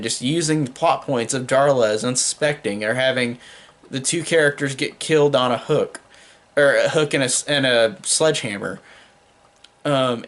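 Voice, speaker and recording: A man's voice: mid-range voice, fairly bright tone. A young man giving a casual spoken film review, rambling with many fillers and restarts.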